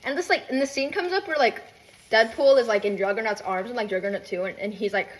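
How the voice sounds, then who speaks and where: A woman's voice: a little high, fast talker. A young woman ranting casually while cooking at home, rambling with lots of fillers, asides and swearing. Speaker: vlogger. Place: home kitchen.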